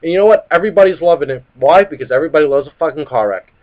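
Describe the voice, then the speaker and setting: A man's voice: fairly high pitch, expressive, racing. Heated, profane New man ranting. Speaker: sports talk show host. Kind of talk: live web sports talk. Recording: dull lo-fi live stream audio.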